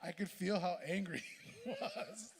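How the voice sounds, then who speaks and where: A man's voice: high-pitched, unhurried, creaky, background noise. A man who just read at a bar show, joking sheepishly with the host. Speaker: reader at the show. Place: bar stage. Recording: reverberant live venue.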